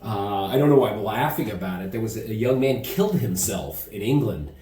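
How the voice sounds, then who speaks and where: A man's voice: fairly low pitch, expressive, a little fast, mellow. A man from the United States talks animatedly in a casual home vlog and laughs easily as he tells stories. His voice sounds roomy and echoey. He is a little distant from the camera mic. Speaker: vlogger. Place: indoor room at home.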